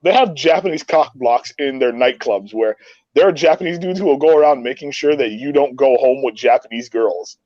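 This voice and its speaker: A man telling a rowdy story to his friends on a podcast. He talks in a boisterous, profane way and gets loud when he quotes himself. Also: mid-range voice, brisk, no room sound, lo-fi sound. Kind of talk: casual storytelling among friends.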